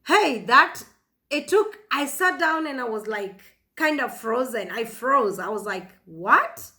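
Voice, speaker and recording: Bright-voiced woman telling a personal story. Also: a little high, animated. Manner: halting, many fillers and restarts. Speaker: vlogger.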